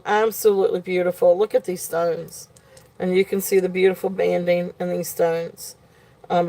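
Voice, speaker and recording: A woman's voice: medium pitch, a little mellow. A woman at home hosting a live jewelry sale, gushing over each piece with many ums. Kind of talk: live auction selling.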